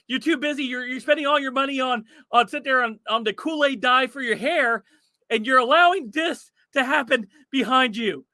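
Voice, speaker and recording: Brief: male stream host, very high and sharp voice, exclaiming and incredulous, laughs a lot. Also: normal speed, dry recording, studio quality. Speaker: livestream host. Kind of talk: livestream commentary.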